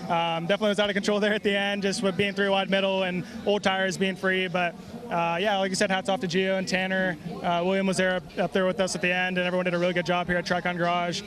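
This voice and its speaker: A man, a race driver, giving a quick, matter-of-fact post-race interview. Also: sits high, monotone. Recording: crowd noise behind.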